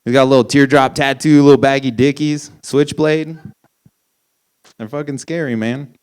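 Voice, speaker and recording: A man's voice: mid-range voice, fairly even intonation, normal speed, darkish tone, clean tone. A young man performing a stand-up comedy set, ranting incredulously with lots of swearing. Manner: profane, incredulous, ranting punchlines.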